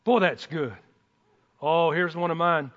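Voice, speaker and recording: A preacher with a high voice, giving a folksy, excitable sermon full of whoops and asides. His voice carries a long reverb from a church hall. The sound is dull and muffled. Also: unhurried.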